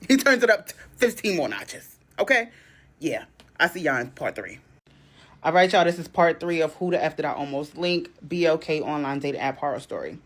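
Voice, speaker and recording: A woman's voice: big pitch swings, fairly quick, fairly bright tone. A woman telling a dating story dramatically, acting out both sides of the conversations. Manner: dramatic, acts out quotes with big pitch jumps. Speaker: storyteller in a viral video. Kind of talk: animated storytelling.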